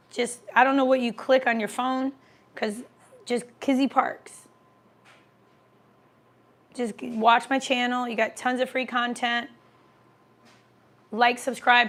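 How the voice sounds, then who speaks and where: A woman's voice: on the high side, a bit bright. A woman hosting a casual livestream, chatting as she answers viewer comments and eats. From American Midwest. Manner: chatty, reads comments aloud, talks while eating.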